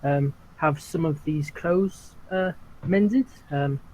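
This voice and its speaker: A man's voice: on the high side, slow, darkish tone, breathy edge, rough recording. A man voicing a polite, formal male halfling adventurer who speaks courteously.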